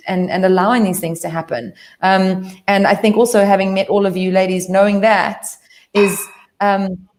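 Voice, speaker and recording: A woman's voice: mid-range voice, darkish tone. Earnest rambling woman on a panel call. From South Africa. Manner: earnest, rambling with many fillers and restarts. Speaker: panel member. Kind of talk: casual panel chat. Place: video call.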